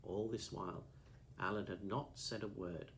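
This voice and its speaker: A man reading a classic novel aloud as an audiobook, in a steady, measured first-person storytelling manner. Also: lowish voice, creaky, slight background noise. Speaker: audiobook narrator.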